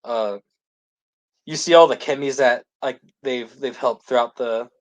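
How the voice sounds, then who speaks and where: Man, podcast co-host, casual rambling recap, mid-pitched voice. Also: unhurried. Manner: rambling, heavy use of "like" and restarts. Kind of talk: casual episode recap chat.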